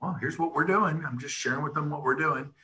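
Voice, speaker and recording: Man, middle-aged, upbeat and emphatic, crisp bright tone, motivational sales talk. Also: a little high, brisk, low-quality recording. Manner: energetic, emphatic, rallying. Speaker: real estate brokerage leader. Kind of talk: motivational pitch to agents.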